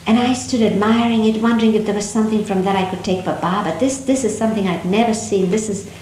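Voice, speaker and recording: A woman's voice: mid-range voice, fairly even intonation. Middle-aged woman reminiscing on old tape. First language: Dari. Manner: gentle, unhurried, reflective, with many pauses and restarts. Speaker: speaker recounting memories. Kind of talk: reminiscing storytelling talk. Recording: roomy archival 1970s tape with faint hiss.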